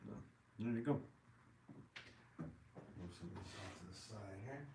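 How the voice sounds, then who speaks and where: Low-voiced man chatting at the wheel. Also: unhurried. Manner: relaxed, chatty, self-deprecating. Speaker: potter. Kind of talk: casual live-stream chat while working at the wheel. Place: pottery studio. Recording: echoey room, mic at a distance, background noise.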